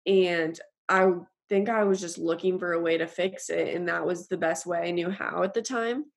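A young woman telling an earnest personal faith story in an interview, halting often with fillers. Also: fairly low pitch, fairly even intonation, vocal fry. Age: young adult. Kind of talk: personal testimony.

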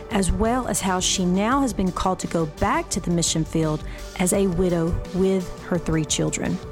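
A woman hosting a podcast, reading an upbeat scripted introduction with enthusiasm. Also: medium pitch. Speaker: podcast host. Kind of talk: scripted intro then interview questions. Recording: music under the intro.

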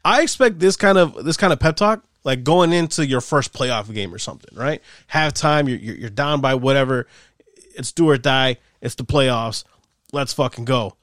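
A man's voice: medium pitch, normal speed, fairly bright tone, no echo. A man hosts a casual sports podcast in a dry, close-miked sound. He talks animatedly, laughs often and swears freely. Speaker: podcast host.

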